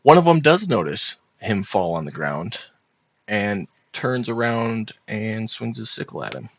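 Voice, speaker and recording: A man's voice: on the low side, big pitch swings, a little slow, no echo. A man narrating as dungeon master of a tabletop game, easygoing and laughing often, heard over a voice call.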